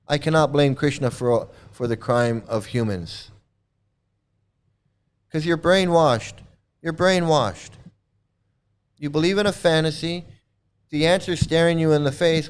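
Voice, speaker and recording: A man's voice: high-pitched, clear, resonant tone. A man hosting a commentary video, ranting angrily and sarcastically at his viewers, often repeating himself and stumbling over restarts. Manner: angry, sarcastic, mocking; repetitive, stammering restarts.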